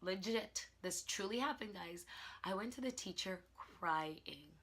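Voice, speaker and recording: Young woman vlogging, bright voice, chatty and laughing a lot. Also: mid-range voice, unhurried, husky. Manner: animated, laughing, emphatic storytelling. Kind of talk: casual vlog monologue.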